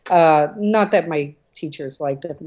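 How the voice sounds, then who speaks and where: A middle-aged woman from Southern California, an entrepreneur telling anecdotes in a casual interview, animated and laughing often. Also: sits low, unhurried.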